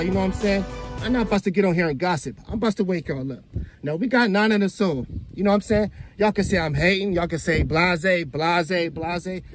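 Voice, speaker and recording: High-voiced man reacting with animated commentary. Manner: animated, laughing, talks straight to viewers. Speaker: reaction video host. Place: outdoors in the sun.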